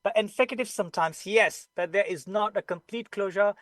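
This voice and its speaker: A man's voice: high-pitched, brisk, a bit bright, no echo. A man teaching English pronunciation in an online class, with a Pakistani English accent, explaining patiently and repeating the sounds he teaches.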